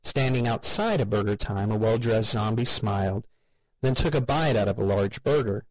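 A man narrating an audiobook in a measured, wry way. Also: fairly low pitch, no room sound, low-quality recording.

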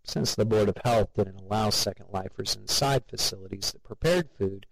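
A man's voice: fairly low pitch, normal speed, low-quality recording. A man narrating a story as an audiobook reader, voicing the characters himself. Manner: steady, gravelly, reads all the voices. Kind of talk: scripted narration.

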